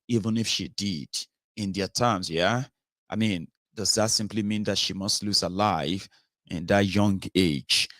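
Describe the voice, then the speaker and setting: A political commentary host from southern Nigeria, this man has a Yoruba Nigerian accent and a lowish voice. He delivers an opinionated monologue, emphatic and rhetorical, full of "uh" fillers and tag questions. The sound is clean studio audio with no echo.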